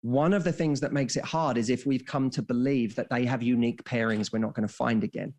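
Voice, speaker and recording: A man's voice: medium pitch, fairly even intonation, a little fast, darkish tone. Man coaching on dating, story-driven talk. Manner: storytelling, acting out quoted dialogue. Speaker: dating coach, podcast guest. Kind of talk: casual podcast conversation.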